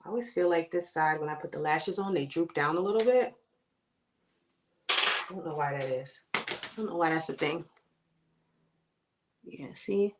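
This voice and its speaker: A woman's voice: sits low, normal speed, long pauses, background noise. Chatty woman livestreaming her makeup. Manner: chatty, addresses viewers as y'all and girl. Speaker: beauty livestream host. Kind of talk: casual chat while doing makeup. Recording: echoey room sound.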